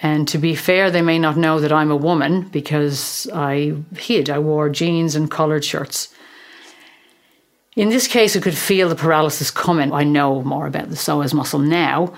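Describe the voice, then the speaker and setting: A middle-aged Irish woman hosting a podcast, telling a personal story in a measured, gently humorous way. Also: low voice, steady tone. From Ireland. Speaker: podcast host, therapist. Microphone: podcast microphone in a small room.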